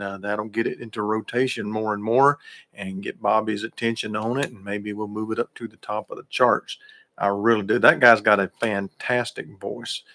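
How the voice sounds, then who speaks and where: Middle-aged man, folksy radio host, friendly chat with listeners, mid-pitched voice. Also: fairly bright tone.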